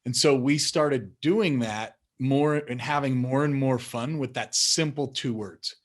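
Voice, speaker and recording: An unhurried man tells a story from his family life for a documentary. He talks slowly and stays lively, ready to mimic his children. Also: mid-range voice. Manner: animated, acts out his kids' voices. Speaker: father telling a family story.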